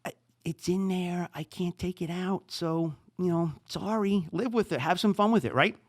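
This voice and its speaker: Excitable New Jersey man hosting a podcast. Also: high-pitched, moderate pace, dry recording, clean studio sound. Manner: animated, excitable, talks with his hands. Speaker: podcast host. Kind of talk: casual chat.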